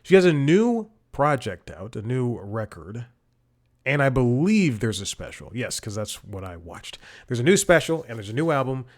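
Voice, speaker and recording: A man's voice: medium pitch, very animated, moderate pace. A man hosting a podcast, giving a casual, rambling intro with self-corrections and chuckling asides. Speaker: podcast host.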